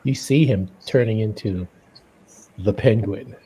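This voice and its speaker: A man's voice: on the low side, a little slow, mellow, husky. A man chatting casually on a drawing livestream, laughing often and trailing off mid-sentence. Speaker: artist co-host. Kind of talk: casual chat while drawing. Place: indoors at a livestream drawing session.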